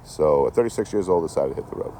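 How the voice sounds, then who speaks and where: A man's voice: very deep voice, lively intonation, rapid-fire. A middle-aged man livestreaming outdoors, chatting casually and profanely in a rambling way and laughing at his own jokes. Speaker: traveling livestreamer. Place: outdoors by a rail yard office. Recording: outdoor street noise. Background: traffic and street noise.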